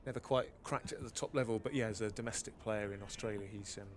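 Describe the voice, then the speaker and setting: A man giving expert analysis as co-commentator on a live cricket broadcast, measured and thoughtful. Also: fairly low pitch, steady tone.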